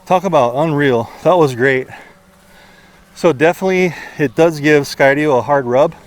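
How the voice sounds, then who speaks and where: A man doing excitable, casual commentary outdoors while flying and chasing a drone, out of breath at times. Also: on the high side, normal speed. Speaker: drone reviewer. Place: outdoors among trees.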